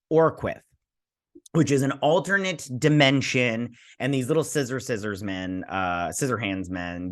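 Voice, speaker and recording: A man's voice: medium pitch, fairly bright tone. A man hosting a TV review show, recapping an episode in casual, rambling chat with self-deprecating asides. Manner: quickly acts out characters' lines. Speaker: TV review host.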